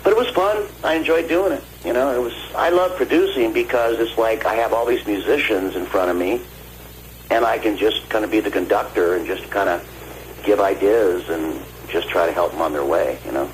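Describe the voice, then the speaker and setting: A man's voice: fairly low pitch, a little fast. An older man, a singer and producer, telling studio stories over a phone call and acting out the dialogue. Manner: animated, acts out quoted dialogue. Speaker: guest vocalist and producer. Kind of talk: phone interview storytelling. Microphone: phone line. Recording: phone call with faint noise.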